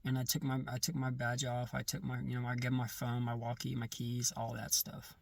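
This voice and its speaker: Man, gravelly voice, halting personal storytelling, frequent self-corrections, a bit distant from the mic. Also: mid-range voice, completely flat delivery, no room sound. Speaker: person sharing a personal testimony. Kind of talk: casual first-person storytelling.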